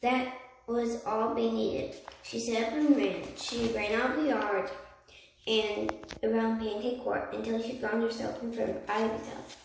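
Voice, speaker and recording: A woman reading a children's book aloud, slowly, with slips and restarts. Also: on the high side, fairly even intonation, gravelly. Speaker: reader. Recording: echoey room, far from mic, faint noise.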